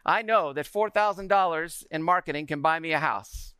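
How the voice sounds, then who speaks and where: A man in his forties giving an energetic talk to a live audience, often asking the room questions. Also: on the high side, normal speed, smooth, no room sound.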